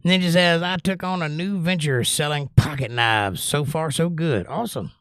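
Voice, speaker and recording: A man's voice: on the high side, normal speed, clean tone, no room sound, studio quality. An older man hosting a music livestream, reading viewers' comments aloud in a casual, joking way. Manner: animated, reads chat aloud and jokes.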